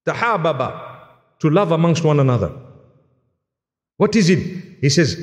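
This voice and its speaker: A man's voice: a little high, expressive, moderate pace, long pauses. Earnest male preacher in a reverberant hall. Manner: earnest, repetitive exhortations, storytelling with quoted dialogue. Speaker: Islamic preacher. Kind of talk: sermon.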